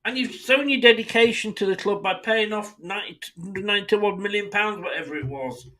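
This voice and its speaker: An English man hosting a football fan channel, ranting bluntly and swearing freely, and acting out imagined conversations in quick asides. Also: sits high, bright, forceful tone. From England. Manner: mimics others in asides. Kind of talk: impassioned fan rant.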